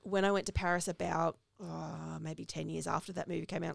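A woman's voice: deep voice, little pitch movement, fairly quick, creaky, no echo. A woman co-hosting a podcast, chatting casually as she recaps a film's plot. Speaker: podcast co-host. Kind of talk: casual movie discussion.

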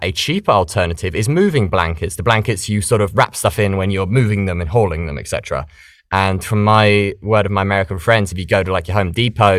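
A British man, a voice actor, chatting casually in an interview and explaining things in a lively, animated way. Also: on the low side, dry recording, studio quality. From Britain. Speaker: voice actor guest.

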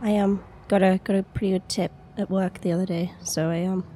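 A woman's voice: mid-range voice, level tone, warm tone, slight background noise, close to an everyday voice. A woman playing Lakshmi, a hesitant young daughter. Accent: Australian. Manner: halting, stammering.

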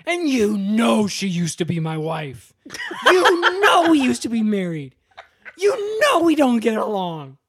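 A man voicing an indignant male TV actor who loudly complains to his director in a comedy podcast recap. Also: wildly swooping pitch, unhurried, slightly rough, full character voice. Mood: outraged. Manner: loud, high-pitched and outraged.

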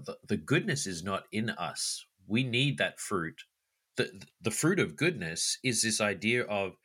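A man with a lowish voice and a bright, forward tone shares reflections on faith. His delivery swings widely in pitch as he tells stories from daily life. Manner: reflective, animated storytelling. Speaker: podcast co-host. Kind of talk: casual faith discussion.

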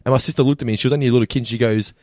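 A man, co-hosting a podcast in casual chat, animated and quick. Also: medium pitch, no echo, studio quality. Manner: animated, quick, does quick quotes in character voices. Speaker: podcast co-host.

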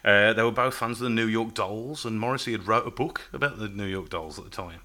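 A man hosts a casual music podcast. His voice sits a little low but sounds bright and forward. He chats easily, laughs often and reads from his notes. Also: fairly quick. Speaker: podcast host.

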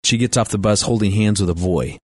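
Talking a little fast in a lowish voice, this middle-aged man shares stories about marriage and family with references to faith. He's chatty, laughs often and restarts sentences, and there's no room sound.

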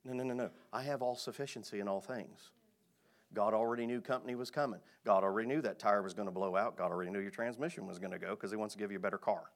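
A male pastor preaches a sermon emphatically and fast, in a voice on the low side. He swings from quiet asides to loud, stressed phrases.

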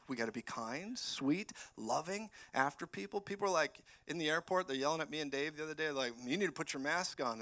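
A man preaching as a guest speaker in a church, animated and swinging between loud declarations and quiet prophetic words. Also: medium pitch. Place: church sanctuary.

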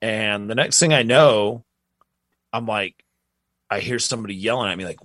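A man's voice: fairly low pitch, moderate pace, a bit bright, no echo. A young man co-hosting a podcast, telling a story in a laid-back, rambling way with lots of fillers. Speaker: podcast co-host. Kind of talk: casual storytelling chat.

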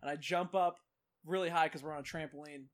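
High-voiced young man telling stories. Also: steady tone, quick pace. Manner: blunt, profane storyteller. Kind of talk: casual chat.

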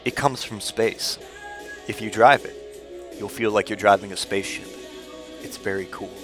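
A man playing a slow, low-key announcer from a car commercial. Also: steady tone, soft background music, natural voice. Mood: smooth. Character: smooth, hushed male car-commercial announcer.

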